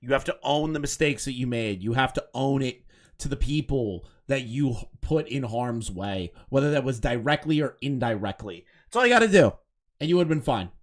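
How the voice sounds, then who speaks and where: A man's voice: medium pitch, moderate pace. Profane, heated male commentator. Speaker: commentary streamer. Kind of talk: casual live commentary reacting to clips.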